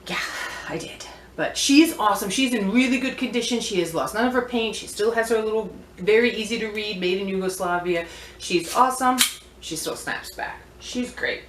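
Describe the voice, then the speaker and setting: A woman with a lowish voice sells vintage antiques and shows off her finds in a casual show-and-tell vlog. She's chatty, playful and prone to wandering off topic, and the echoey room has slight background noise.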